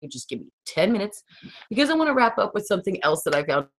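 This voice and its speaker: A woman, hosting a casual livestream chat, rambling and reading out viewer comments in a raspy voice. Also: mid-range voice, big pitch swings, fast talker. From Texas. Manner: rambling, laughs often, reads viewer comments. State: raspy today. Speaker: livestream host.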